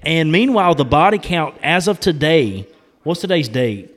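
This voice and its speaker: A man's voice: on the high side, big pitch swings, moderate pace, fairly bright tone, long reverb tail. A man hosting a casual podcast chat, ranting and swearing in outrage. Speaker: podcast host.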